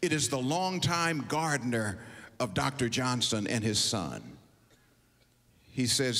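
A man preaching a sermon, telling a story dramatically with deliberate pauses in a large hall. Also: medium pitch, sing-song, bright, forceful tone. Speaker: university president preaching. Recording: long hall reverb.

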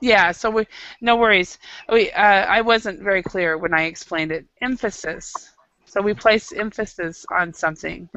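A woman's voice: mid-range voice, moderate pace, a bit bright, no echo, muffled recording. A woman teaching an English class, patient and explaining with frequent restarts. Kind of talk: classroom lesson.

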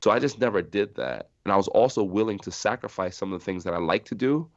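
A middle-aged man from New Jersey, a podcast guest telling stories in a lively way, acting out the people he quotes. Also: on the low side, quick pace, no echo. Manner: animated storyteller acting out quoted voices, laughing often. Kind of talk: storytelling in a podcast interview. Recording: dry muffled sound.

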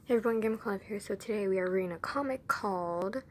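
A woman's voice: medium pitch, fast, darkish tone, slight background noise. A woman reading a comic aloud at home in a casual way, swearing and apologizing for her own reading. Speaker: comic reader.

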